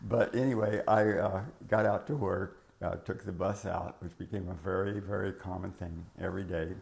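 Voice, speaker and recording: Older man with a low gravelly voice. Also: flat delivery, normal speed, a little mellow. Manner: rambling, reminiscing, many fillers and restarts. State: voice cracking. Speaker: interviewee recalling his working life. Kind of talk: oral history interview.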